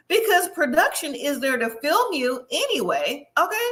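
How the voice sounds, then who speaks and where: A woman talks through a reality show episode in a loose, chatty recap and throws her opinions right at the listener. Her voice is bright and sharp and sits a little high. Now and then she drops into quick impressions of the people she is describing. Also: sing-song. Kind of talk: casual episode recap commentary.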